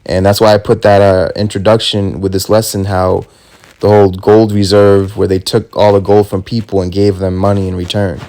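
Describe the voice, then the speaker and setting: A man preaching a fervent sermon, reading scripture slowly and tacking "man" onto his points. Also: on the low side, little pitch movement, darkish tone. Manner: emphatic, drops "man" at ends of lines; reads scripture slowly and deliberately.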